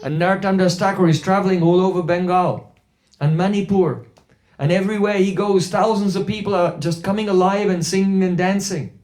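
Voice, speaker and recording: A man's voice: high voice, fairly even intonation, fairly quick, darkish tone. A man giving a spiritual talk through anecdotes, with rhetorical asides and quoted voices. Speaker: spiritual teacher. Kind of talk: storytelling sermon.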